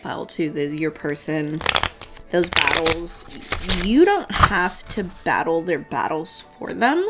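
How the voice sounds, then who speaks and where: A woman's voice: sits low, expressive, measured pace, loud music behind the voice. Playful, laughing woman reading tarot. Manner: playful, laughs often, swears freely. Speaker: tarot reader.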